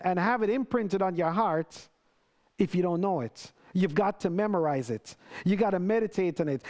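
Earnest, conversational male preacher, fairly high voice. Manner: conversational, earnest, with many restarts and animated quoted prayers. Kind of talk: sermon.

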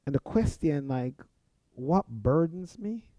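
A man preaching about how to pray, earnest and measured, his voice very warm and mellow yet set a little high. The sound is dry and dull, with a muffled lo-fi quality. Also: lively intonation, no echo. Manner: earnest, speaks example prayers aloud. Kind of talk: teaching sermon on prayer.

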